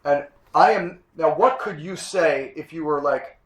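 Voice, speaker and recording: A man in his sixties, a chiropractic instructor giving a classroom lecture, emphatic, repeating his points and often clearing his throat. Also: a little high, measured pace. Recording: echoey room.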